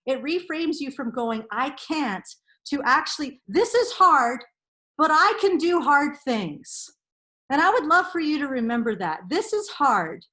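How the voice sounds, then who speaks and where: Earnest, high-voiced woman counsellor. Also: very animated, unhurried, bright, forceful tone. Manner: earnest, emphatic, repeats key phrases. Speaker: parenting counsellor. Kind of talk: motivational talk to parents.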